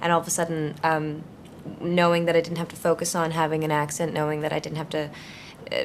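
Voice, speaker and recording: A woman's voice: deep voice, monotone, quick pace, slight background noise. A young actress in her twenties answering interview questions thoughtfully, searching for words with frequent fillers and restarts. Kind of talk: conversational interview.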